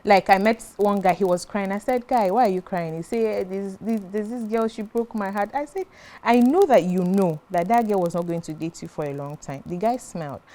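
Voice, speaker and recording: A woman's voice: medium pitch, animated, brisk, warm tone. Woman talk-show guest, casual storyteller, conversational delivery. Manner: chatty, retells conversations, keeps asking "do you understand". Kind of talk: casual panel discussion.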